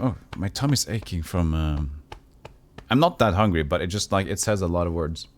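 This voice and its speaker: Lowish, playful game streamer man. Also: animated, moderate pace, a little hiss or hum. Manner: chatty, playful, self-interrupting. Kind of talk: casual playthrough commentary.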